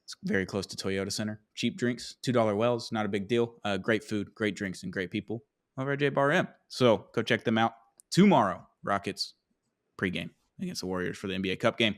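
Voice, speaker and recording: A young man hosting a casual sports podcast, upbeat and full of fillers. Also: on the low side. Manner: upbeat, quick sponsor reads with filler words. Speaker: podcast host.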